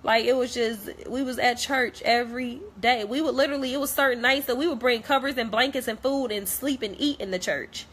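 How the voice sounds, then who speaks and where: A woman's voice: a little high, steady tone, a little fast, hardly any pauses, fairly bright tone, husky. A young woman talking straight to camera, blunt and heated, repeating herself as she vents. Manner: blunt, repetitive, heated, profane. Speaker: vlogger. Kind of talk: direct-to-camera rant.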